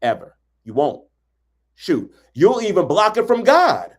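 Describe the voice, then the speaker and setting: A man's voice: high voice, wildly swooping pitch, a little slow. Emphatic, slang-dropping male relationship coach. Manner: emphatic, repetitive, colloquial, acts out quotes. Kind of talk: motivational talk.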